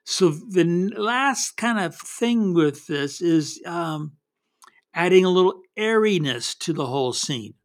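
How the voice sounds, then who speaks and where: Slow-talking folksy man giving photo tips. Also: high-pitched, animated. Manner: folksy, meandering, with many restarts. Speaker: wildlife photography teacher. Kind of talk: casual spoken photography tips.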